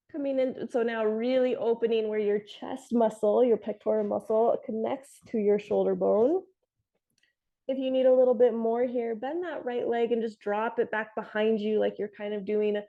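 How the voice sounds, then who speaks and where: Calm woman guiding a yoga class. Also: on the high side, gravelly, highs cut off. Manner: calm, encouraging cues with soft laughs. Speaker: yoga instructor. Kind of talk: guided yoga class instruction.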